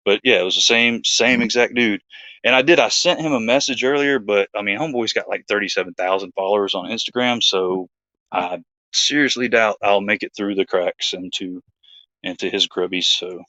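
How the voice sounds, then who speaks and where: Laid-back low-voiced man rambling. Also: moderate pace, bright, forceful tone, no room sound, dull audio. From Georgia, USA. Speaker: host. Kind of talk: casual storytelling chat.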